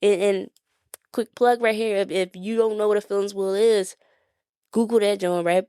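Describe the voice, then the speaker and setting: Lively Philly podcast host, woman. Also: mid-range voice, normal speed, clean tone, no echo, studio quality. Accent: Philadelphia. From Philadelphia. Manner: conversational, asks "right?" often, laughs easily. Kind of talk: casual motivational talk.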